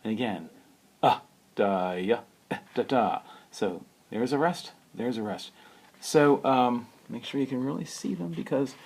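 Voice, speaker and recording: A man giving a spoken piano lesson, unhurried and thoughtful, who sings rhythms and counts beats aloud. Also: mid-range voice, creaky, warm tone, breathy edge. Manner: unhurried, thoughtful, with many fillers. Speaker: piano teacher.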